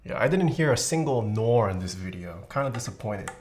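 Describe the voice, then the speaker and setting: Female streamer, casual desk-mic chat, lively pitch, exclamatory and giggly. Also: brisk, a little hiss or hum. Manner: animated, exclamatory, laughs often. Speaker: streamer building a keyboard.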